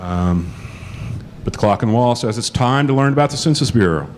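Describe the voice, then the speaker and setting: A man's voice: mid-range voice, lively intonation, fairly quick. A middle-aged man giving a casual, joking conference talk to a live audience, often acting out quoted dialogue. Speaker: conference speaker, law lecturer. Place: conference hall.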